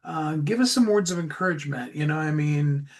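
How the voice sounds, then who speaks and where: A man's voice: on the high side, fairly quick. A man hosting an interview, upbeat and affirming in casual chat. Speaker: podcast host.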